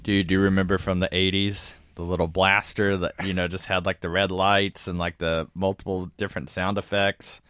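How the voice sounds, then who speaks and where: A man co-hosting a podcast, throwing in dry, deadpan jokes and asides during casual chat. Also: low-pitched, normal speed, few pauses, smooth, no echo. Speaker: podcast co-host.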